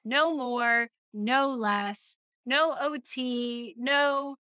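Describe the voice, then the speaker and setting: A woman co-hosting a podcast, talking in a lively, chatty way with frequent laughter and quick asides. Her voice is bright and a little high, and the sound is close and dry. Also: no room sound. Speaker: podcast co-host. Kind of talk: casual chat.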